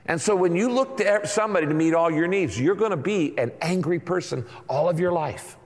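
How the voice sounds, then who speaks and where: A man's voice: a little high, brisk. Man preaching in a reverberant hall. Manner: conversational preaching with acted-out asides. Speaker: pastor. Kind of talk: sermon. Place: large church auditorium.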